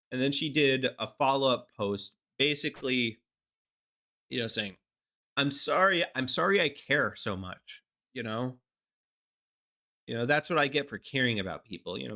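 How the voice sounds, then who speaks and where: A man's voice: medium pitch, moderate pace, pushed and bright. A man hosting a political commentary show, ranting sarcastically. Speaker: host.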